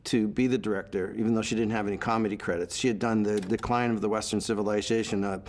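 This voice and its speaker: A man recalling his film career in an interview, telling animated stories with quoted voices. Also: on the low side, fast. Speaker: actor being interviewed. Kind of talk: anecdotal interview storytelling.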